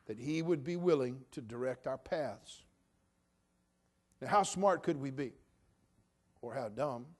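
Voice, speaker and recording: A man preaching a sermon in a conversational way, with humorous asides and swings from quiet remarks to emphatic declarations. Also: on the high side. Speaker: pastor.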